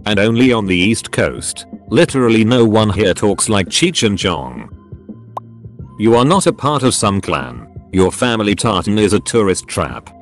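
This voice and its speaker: Lively low-voiced male narrator. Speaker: narrator reading online posts. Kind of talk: scripted narration of forum posts.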